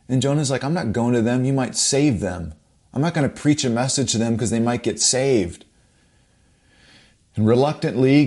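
Urgent male preacher. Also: medium pitch. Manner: emphatic, repetitive, urgent. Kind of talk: sermon.

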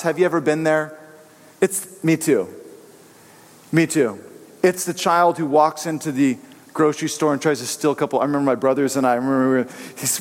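Earnest preacher man in an echoing hall. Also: on the high side. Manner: earnest, conversational, storytelling. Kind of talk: sermon with personal stories. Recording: long reverberant hall.

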